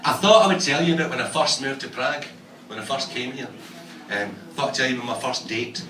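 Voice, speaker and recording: A man's voice: medium pitch, fast, background noise. A middle-aged Scottish man doing a stand-up set, with a crude, punchy delivery and a habit of teasing the crowd. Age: 40s. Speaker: stand-up comedian. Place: comedy club stage in a bar. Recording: echoey room from far off, crowd. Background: audience laughter.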